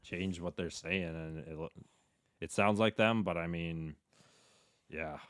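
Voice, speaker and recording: Low-voiced, rambling sports talker. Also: male voice, measured pace, no echo, clean studio sound. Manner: rambling, many restarts, breaks into animated mock quotes. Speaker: podcast guest, sports broadcaster. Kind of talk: casual chat.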